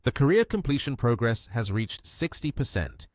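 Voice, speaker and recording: A man's voice: mid-range voice, very animated, moderate pace, a little mellow, no echo, clean studio sound, lightly acted. A man voicing a servile system that formally announces rewards to its master. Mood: announcing.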